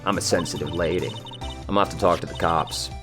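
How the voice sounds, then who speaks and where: Male let's player doing a feisty Southern woman, folksy drawl, sassy, deep-set voice, game music under. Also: fairly even intonation, brisk, close to an everyday voice. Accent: put-on American Southern. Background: video game music.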